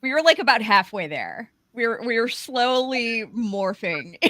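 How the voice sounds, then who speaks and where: Bright, lively woman hosting a live chat. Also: on the high side, slow, no room sound, studio quality. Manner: chatty, rambling, with many fillers. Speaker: livestream host. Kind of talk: casual live aftershow chat.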